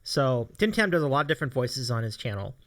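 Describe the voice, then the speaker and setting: A man's voice: mid-range voice, big pitch swings, fast, dry recording. A man hosting a casual live stream, chatty and laughing often. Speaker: host.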